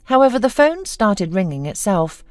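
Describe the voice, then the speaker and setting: A woman narrating a scripted drama story in an even storytelling delivery. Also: mid-range voice, moderate pace, no echo, clean studio sound.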